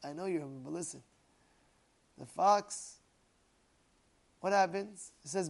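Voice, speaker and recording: A man, a rabbi, preaching a sermon through a parable, telling it in an animated way and often adding "you know". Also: on the high side, unhurried, gravelly, long pauses. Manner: animated storyteller, acting out every character.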